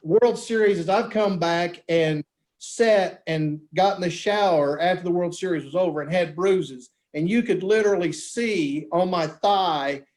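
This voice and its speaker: A man with a high, light voice tells stories in relaxed conversation. He gets animated, acting out what other people said in his own tale. The talk is easygoing and unhurried. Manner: animated storyteller, acts out voices in quotes. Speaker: guest, beep baseball pitcher. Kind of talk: casual storytelling chat.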